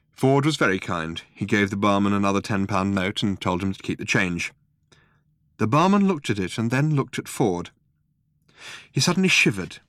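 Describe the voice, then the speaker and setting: Male audiobook narrator, wry comic delivery, very animated intonation. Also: on the low side, moderate pace, no echo, studio quality. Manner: wry, expressive storytelling.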